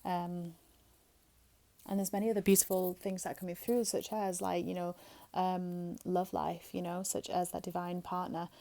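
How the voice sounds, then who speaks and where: A woman's voice: on the low side, level tone, normal speed, gravelly, dark tone. A woman giving a casual spiritual card reading, flowing and soothing, often saying "um" and "right?".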